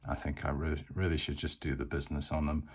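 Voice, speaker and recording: Stout dwarf warrior, blunt and grumbling, deep-voiced , as a man puts him on. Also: level tone, quick pace. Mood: gruff. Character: gruff stout male dwarf warrior, impatient.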